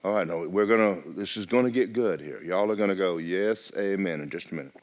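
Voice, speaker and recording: A man's voice: low voice, fast. A man preaching a sermon as pastor of a church, talking straight to the congregation with joking asides.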